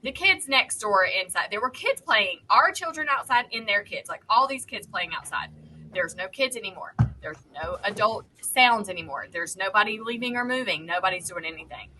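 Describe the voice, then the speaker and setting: A woman co-hosting a chat podcast, her voice very bright and sharp. She tells a story in an animated, mouthy way. A faint hiss runs under the recording. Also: mid-range voice, moderate pace, poor audio. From North Carolina, US. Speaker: podcast co-host.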